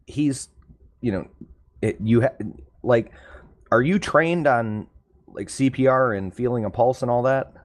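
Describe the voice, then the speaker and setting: A man hosting a podcast, asking his guest questions in a halting way. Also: mid-range voice. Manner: halting, stumbles over his words. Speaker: podcast host. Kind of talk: casual interview questions.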